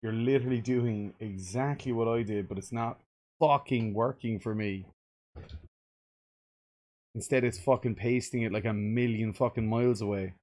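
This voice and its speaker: A man's voice: medium pitch, normal speed, mellow. A man streaming game development, swearing and muttering in frustration as he follows a tutorial. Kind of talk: casual game dev livestream.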